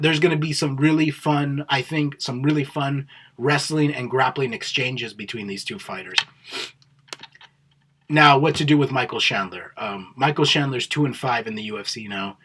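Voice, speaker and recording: A man's voice: mid-range voice, fairly bright tone, slightly rough. A man giving rambling, profane, opinionated commentary in a casual solo vlog. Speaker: MMA vlogger.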